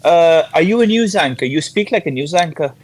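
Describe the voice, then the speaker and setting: Playful teasing man, lively pitch. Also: brisk, slight background noise. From Iran. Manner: teasing, playful, laughs often. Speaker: panel guest. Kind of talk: casual panel chat.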